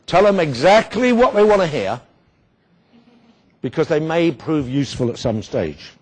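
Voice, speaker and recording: A man giving a storytelling speech with wry humour and dramatic pauses. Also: fairly high pitch, animated, darkish tone. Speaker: guest speaker.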